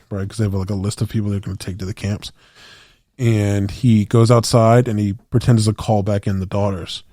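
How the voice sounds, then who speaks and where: A man's voice: fairly low pitch, level tone, moderate pace, dark tone, no echo, clean studio sound. A man co-hosting a podcast in casual chat, rambling through movie scenes and acting out the lines with plenty of swearing. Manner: rambling storyteller, acts out movie quotes, swears. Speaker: podcast co-host.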